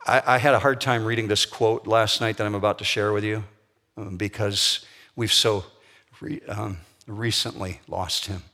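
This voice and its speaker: A man's voice: lowish voice, fairly even intonation, normal speed, sharp tone. Blunt male pastor preaching in a hall. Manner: blunt, emphatic, conversational preaching. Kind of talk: sermon. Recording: long hall reverb.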